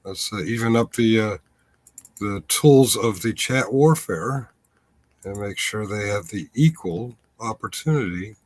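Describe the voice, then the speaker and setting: A man with a fairly low, expressive voice hosts a casual livestream chat, speaking a little slowly with no room sound. His talk is wry and rambling, constantly breaking off and starting again.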